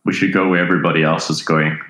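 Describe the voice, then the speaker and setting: A man's voice: a bass voice, little pitch movement, racing, a bit bright. A man playing a tabletop game who asks practical questions about the scene. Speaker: player. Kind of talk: casual tabletop play. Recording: roomy echo.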